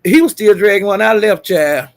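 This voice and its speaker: A man's voice: high-pitched, moderate pace, no echo. A man livestreaming, telling gossip in a casual chatty way, laughing often and calling out "child" and "honey".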